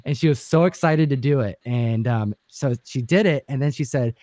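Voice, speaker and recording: A man's voice: medium pitch, normal speed, darkish tone, no room sound. A man hosting a casual comic book livestream chat, telling a long story with many fillers and restarts. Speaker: comic book channel host.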